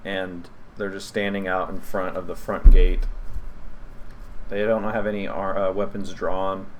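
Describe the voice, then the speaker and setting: A man's voice: low-pitched, level tone, unhurried, slight background noise. A young man narrating a tabletop game as game master, casual and full of fillers.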